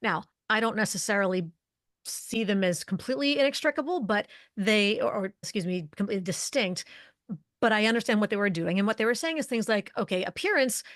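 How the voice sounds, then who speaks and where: A woman's voice: mid-range voice, lively intonation, brisk, fairly bright tone, no echo. Articulate woman explaining, dry close sound. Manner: articulate, explanatory, lists points in rhetorical questions. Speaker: leadership communication expert guest. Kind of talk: conversational podcast interview.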